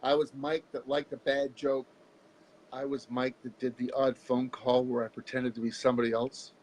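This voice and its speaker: A man from Canada, a guest in an interview, telling his own story candidly and with animated energy. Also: mid-range voice, moderate pace, poor audio. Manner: animated, candid storyteller who jumps into voices.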